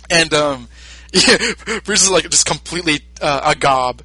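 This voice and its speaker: Laughter runs all through this casual podcast chat, where a man co-hosting the show recaps a film. His voice is on the high side and unhurried, his storytelling lively, and there is no room echo on the recording.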